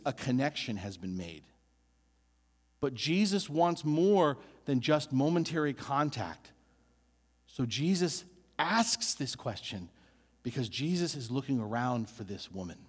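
A man preaching a sermon as a pastor, animated and building emphasis through repeated phrases. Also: mid-range voice, measured pace, big-room sound.

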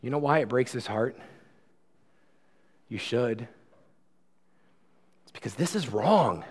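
A man preaching a sermon in a conversational style, swinging from loud, fast passages to quiet, slow ones. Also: medium pitch, lively intonation, husky. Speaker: pastor.

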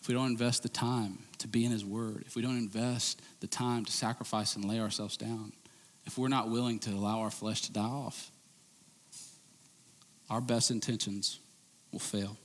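A man, a pastor, preaching a sermon in a church sanctuary, swinging between loud emphatic peaks and quiet, intense stretches. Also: on the low side, flat delivery, moderate pace. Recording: long hall reverb from a church sanctuary.

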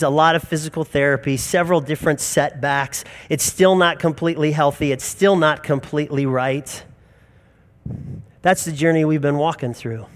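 A man in his forties preaching a sermon in an earnest, emphatic storytelling manner. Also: high-pitched. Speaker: pastor.

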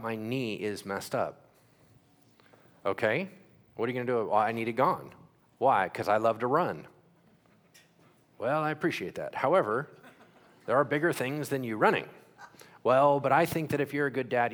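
Animated preacher man. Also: medium pitch. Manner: animated, asks the crowd questions and acts out quick voices. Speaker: pastor. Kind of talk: sermon.

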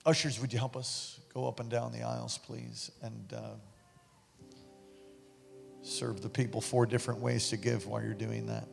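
Gravelly man preaching in a church hall. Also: mid-range voice, normal speed. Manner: animated, bursts into loud exclamations. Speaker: pastor. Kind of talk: sermon storytelling during an offering. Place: large church sanctuary. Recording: echoey church hall with music. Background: instrumental music.

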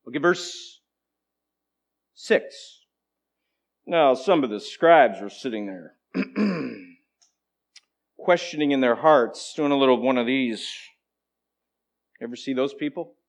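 A man preaching a sermon, moving between emphatic declarations and hushed, conversational asides to the congregation. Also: mid-range voice, lively intonation, slow pace, long pauses. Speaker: pastor.

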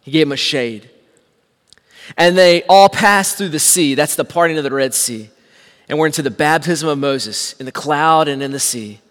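A man preaching a sermon, telling the story with animated swings from hushed to shouting. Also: on the high side, normal speed, big-room sound. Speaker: pastor.

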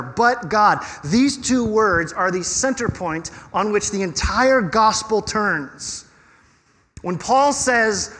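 Animated preacher in a reverberant hall. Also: male voice, sits high. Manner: conversational, animated preaching with rhetorical questions. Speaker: pastor. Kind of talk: sermon.

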